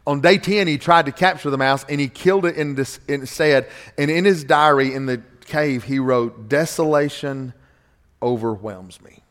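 A middle-aged man preaching a sermon from a church stage, emphatic and animated, repeating key phrases for effect. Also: fairly high pitch, normal speed, few pauses. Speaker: pastor. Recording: long hall reverb from a church stage.

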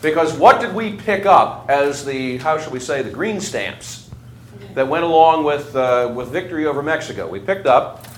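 Lively male lecturer in an echoey room. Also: a little high, moderate pace. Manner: lively, conversational, asks the class questions. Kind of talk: classroom history lecture. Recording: echoey room, faint ambient noise.

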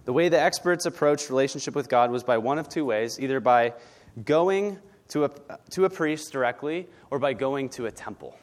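A man's voice: mid-range voice, normal speed. A male pastor preaching a sermon in a blunt, conversational way, often asking "right?". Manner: blunt, conversational, tag questions.

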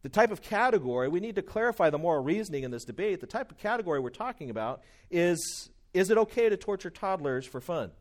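A man preaching a sermon, emphatic, repeating his key questions and swinging between loud stresses and quiet asides. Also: sits high, big pitch swings, fast talker, hardly any pauses.

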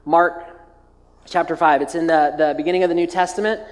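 A man's voice: fairly high pitch, fairly even intonation, brisk. A man preaching as a pastor, retelling a scripture story in a chatty, humorous way with lots of filler words and restarts. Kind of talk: casual humorous sermon storytelling. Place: large church hall. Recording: long hall reverb.

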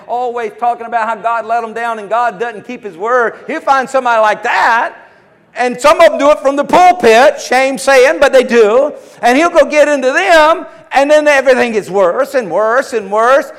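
A male pastor delivering an emphatic sermon, driving his points home by repeating lines and asking his listeners if they hear him. His voice sits very high for a man. The sound rings out with a long, echoing hall reverb. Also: animated, normal speed. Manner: fervent, emphatic, repeats phrases, calls out to listeners.

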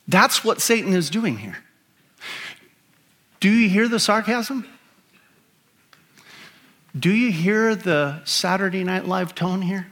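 Male pastor, sermon delivery, slow and deliberate, emphatic with rhetorical questions. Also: high voice, expressive, fairly bright tone.

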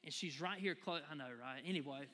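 A man preaches to his congregation in a lively, folksy way. His voice sits high and bright, and it carries with a long reverb through a large church hall. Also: a little fast, slight background noise. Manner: animated, folksy, addresses the crowd as y'all. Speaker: pastor. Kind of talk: sermon with personal story.

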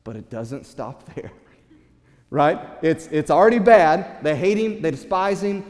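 A pastor preaching a sermon, retelling a story in an animated way with chuckles and stumbles over repeated words. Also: male voice, a little high, a little slow. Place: church. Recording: long hall reverb.

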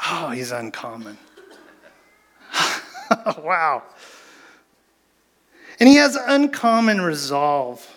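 A man preaching a sermon as a pastor, telling a Bible story with animated, acted-out lines. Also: on the high side, extremely slow, pauses often.

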